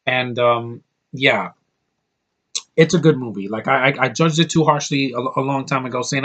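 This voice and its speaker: A man talks through a movie review in a loose, unscripted way. He is blunt and profane, often stumbling and restarting mid-sentence, at a middling pitch. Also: normal speed, a bit bright. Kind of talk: casual spoken review.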